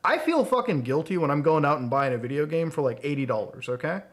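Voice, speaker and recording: Male streamer, high voice, swings wildly in pitch, profane exasperated rant. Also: lively intonation, fast. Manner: profane, exasperated ranting with mocking outbursts. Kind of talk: casual livestream rant.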